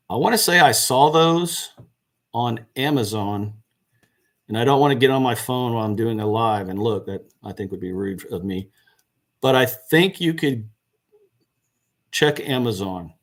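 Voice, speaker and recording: A man chatting casually on a gardening live stream, answering viewer questions and correcting himself as he goes. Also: medium pitch. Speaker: gardening channel host. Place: indoors by a seed box.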